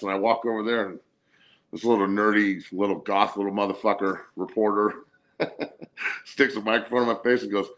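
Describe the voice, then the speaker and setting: Male co-host, 40s, lowish voice, laid-back profane storyteller. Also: fairly even intonation, brisk, fairly bright tone. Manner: laid-back, profane, laughs through stories. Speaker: co-host, former college athlete. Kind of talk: casual storytelling chat.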